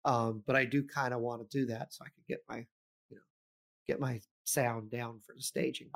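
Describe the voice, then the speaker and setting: A middle-aged man chatting casually as a podcast co-host. His talk rambles, full of fillers, restarts and asides. His voice sits at an ordinary middle pitch. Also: steady tone, normal speed, vocal fry. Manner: rambling, many ums and restarts, laughs often. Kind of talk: casual chat.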